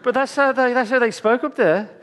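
A man's voice: very high-pitched, brisk, a bit bright. A man preaching a sermon in church, telling chatty, jokey stories with asides to the congregation.

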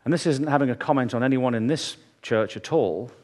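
A man's voice: mid-range voice, brisk, darkish tone. A man preaching a sermon in church, telling chatty, jokey stories with asides to the congregation.

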